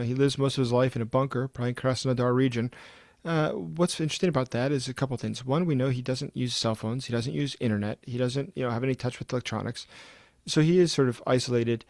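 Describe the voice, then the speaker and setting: A man speaking as a guest political adviser, giving quick, animated analysis and chuckling between points. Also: mid-range voice, vocal fry, no room sound, clean studio sound. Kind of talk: conversational analysis.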